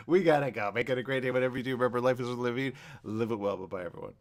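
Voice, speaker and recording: Man, talk radio host, lively swinging pitch, rambling, laughs a lot, casual chat. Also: a little fast. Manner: animated, laughs often, rambling storytelling.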